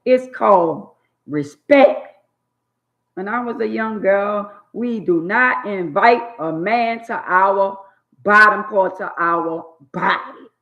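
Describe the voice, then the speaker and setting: A woman's voice: medium pitch, pushed and bright. An older woman, scolding in a blunt, preachy monologue on her channel. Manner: drawn-out emphatic words. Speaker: channel host. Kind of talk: opinionated monologue. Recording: dull lo-fi phone audio.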